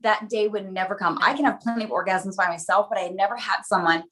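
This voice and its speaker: Frank, animated woman in her late thirties. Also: mid-range voice, quick pace. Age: late 30s. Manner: open, frank and animated, laughs often. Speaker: podcast guest. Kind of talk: candid conversational storytelling.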